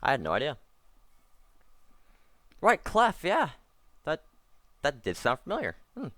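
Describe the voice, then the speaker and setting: A man's voice: fairly high pitch, huge pitch swings, unhurried, fairly bright tone, no echo. A man doing casual let's-play commentary, rambling and correcting himself, with wry asides. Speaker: gameplay commentator.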